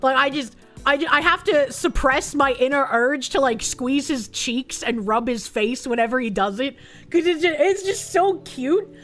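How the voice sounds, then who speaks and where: A woman streamer chats with her audience in a bright, high voice that swoops up and down. She swears freely and collapses into squealing giggles, with faint music playing underneath. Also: lively intonation, normal speed. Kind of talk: casual chat reading viewer comments.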